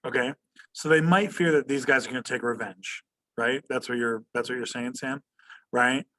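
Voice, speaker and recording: A man's voice: mid-range voice, steady tone, moderate pace, sharp tone. Male history teacher leading a video-call class; questioning, checks in with "right?" constantly. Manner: asks students questions, tags "right?" often. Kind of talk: online class lecture.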